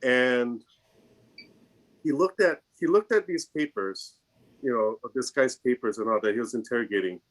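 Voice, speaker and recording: A man telling a story casually on a video call, acting out the people he quotes in a higher voice. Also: normal speed. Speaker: storyteller in a group chat.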